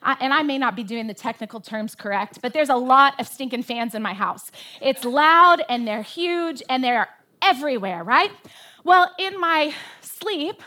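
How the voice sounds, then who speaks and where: A woman pastor with a high, bright voice preaches from a church stage. She tells her story animatedly and hits her points with emphatic force. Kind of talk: sermon with a personal story.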